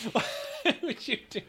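Speaking slowly, a man co-hosting a podcast chats casually and tells an animated story, laughing often. Slight background noise can be heard.

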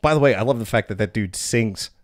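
A man's voice: fairly low pitch, expressive, brisk, no room sound, studio quality. A man co-hosting a podcast, telling jokey, profane stories in casual chat. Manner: profane, joking, easygoing storytelling. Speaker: podcast co-host.

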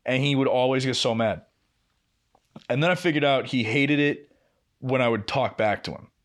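Young guy on a podcast, swears a lot, acts out both sides of an argument, mid-pitched voice. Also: normal speed. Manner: profane, animated, acts out quoted exchanges. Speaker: podcast co-host. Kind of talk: casual storytelling.

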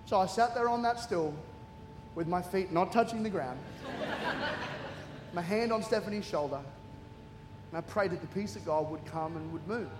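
This guest preacher, an Australian man with a high-pitched voice, talks at a normal pace and pauses often during a storytelling sermon. He animatedly shares funny self-mocking tales with bursts of laughter to a congregation in a large church hall, recorded with echo, faint ambience, and background noise.

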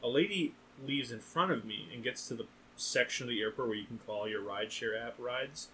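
A young man hosting a podcast, casually telling an animated story, acting out other people's lines and laughing often. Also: medium pitch, brisk, a little hiss or hum, poor audio. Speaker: podcast host.

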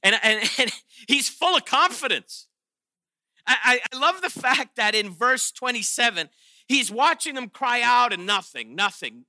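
A man preaching a sermon, animated and playful, often restarting his sentences and acting out quotes with sarcasm. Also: very high-pitched, a little slow, no room sound, studio quality. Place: chapel or auditorium.

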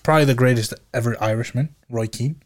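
A man's voice: mid-range voice, fast talker. Laid-back young man swearing casually. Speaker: podcast host. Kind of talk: casual chat.

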